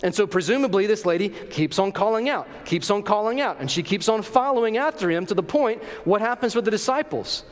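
A pastor preaching a sermon, talking to the congregation conversationally and asking them questions. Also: male voice, high voice, expressive, a little fast, few pauses. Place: church sanctuary. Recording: reverberant church hall.

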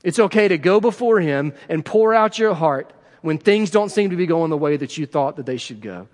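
A man's voice: fairly high pitch, animated, moderate pace, a little mellow. A middle-aged man preaching a sermon as pastor, earnest and repetitive, building emphasis as he speaks to his congregation. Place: church sanctuary. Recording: long hall reverb.

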